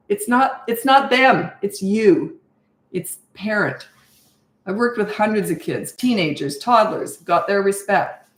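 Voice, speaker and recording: Answering viewers in a live Q&A, this middle-aged parenting coach is blunt and no-nonsense, often asking rhetorical questions. Her medium-pitched voice echoes in the room.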